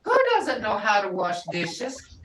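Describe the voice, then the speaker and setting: An older woman teaching a language class in an unhurried, storytelling way, often breaking into laughter. She is heard from some distance in an echoey room, with a faint hiss underneath. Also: medium pitch, big pitch swings, a bit bright.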